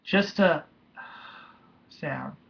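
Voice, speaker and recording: A young man tells a painful personal story in a slightly high voice. He is halting and emotional and often restarts his sentences. The recording is dull and lo-fi. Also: vocal fry, fairly bright tone. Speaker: vlogger.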